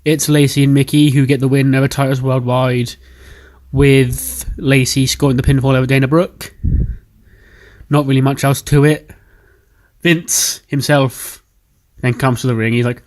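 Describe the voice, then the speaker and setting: A man tells the story of his game save in a chatty, offhand way. His voice sits at an average pitch for a man. The delivery is relaxed and unscripted. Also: measured pace, long pauses. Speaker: game commentator. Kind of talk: casual game recap narration.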